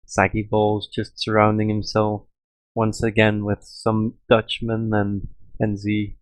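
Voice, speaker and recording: A man co-commentating a gaming league draft, relaxed and easygoing with lots of fillers. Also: fairly low pitch, slow, dry recording, low-quality recording. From Europe. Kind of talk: casual stream commentary.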